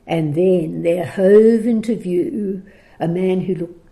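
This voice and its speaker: A woman recounts a story in a relaxed, conversational way. Her voice sits a little low and sounds warm and mellow. She laughs often and fills pauses with ums as she backtracks and restarts. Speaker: guest storyteller. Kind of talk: conversational anecdote on a recorded program.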